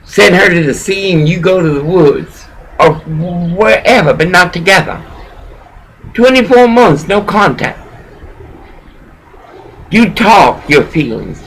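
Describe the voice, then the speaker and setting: A high, gravelly-voiced man preaching in a slow, rambling rant. He swears freely as he lectures a listener. A faint hum sits behind him. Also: a bit bright, low-quality recording. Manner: rambling, profane, lecturing someone directly. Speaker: pastor.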